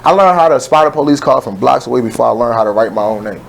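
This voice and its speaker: A man's voice: medium pitch, expressive, quick pace, vocal fry, rough recording. A young man from West Baltimore, co-hosting a radio show and telling a story in a casual, emphatic way with plenty of swearing. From West Baltimore, USA. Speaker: co-host.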